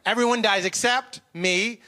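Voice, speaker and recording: A man doing a stand-up comedy set on stage, animated and self-mocking. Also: high voice, moderate pace. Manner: animated, self-mocking, slips into goofy voices. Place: comedy stage before a live audience.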